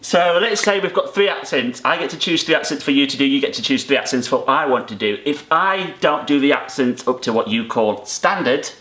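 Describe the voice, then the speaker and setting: A man's voice: mid-range voice, animated, a little fast, few pauses, pushed and bright. A man hosting a casual chat, playful and giggly. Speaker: podcast host. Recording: echoey room, faint clicks.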